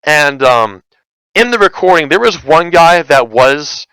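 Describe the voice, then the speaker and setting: Rambling man with a smooth, dry voice. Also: on the high side, very animated, unhurried, bright, forceful tone, no room sound, rough recording. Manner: rambling, heavy use of "like" and "um" fillers, exasperated. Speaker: vlogger recounting online community drama. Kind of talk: casual rambling storytelling.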